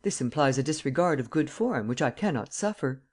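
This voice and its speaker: A man's voice: medium pitch, lively intonation, a little fast, a little mellow. A man reading the part of a proud, ironic master thief in his prison cell, with a formal, coolly mocking manner.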